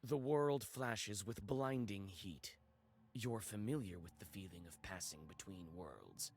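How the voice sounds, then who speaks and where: A man narrating a dark story in second person in a measured, atmospheric manner. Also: lowish voice, expressive, husky.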